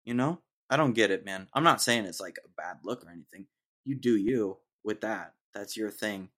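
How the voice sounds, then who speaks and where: A man's voice: lowish voice, animated, normal speed, a bit bright. Young dude from texas ranting solo on his podcast, laid back, says dude a lot. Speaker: podcast host. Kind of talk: solo casual rant.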